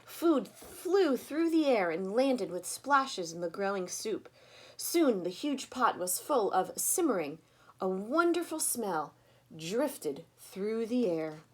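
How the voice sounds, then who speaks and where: Woman storyteller, children's read-aloud, expressive with lively, varied intonation. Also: mid-range voice, takes it slowly. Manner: expressive, inviting listeners to join in.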